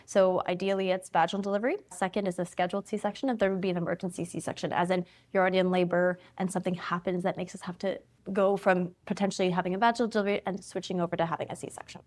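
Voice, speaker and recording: Woman, thirties, physician guest; brisk, explanatory, easy laugh. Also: on the low side, little pitch movement, darkish tone. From Canada. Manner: explanatory, fast, laughs easily. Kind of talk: interview conversation.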